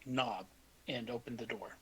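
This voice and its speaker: A man's voice: mid-range voice, measured pace, heavy background noise. A man narrating his character's actions in a tabletop game, hesitant and full of fillers. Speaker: player.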